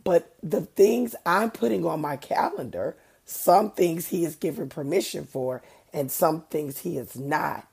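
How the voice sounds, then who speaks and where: Low husky woman, slow and gravelly. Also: animated, a little mellow. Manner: earnest, conversational, preacher-like emphasis. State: congested from allergies. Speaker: podcast host. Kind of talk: faith-based podcast monologue.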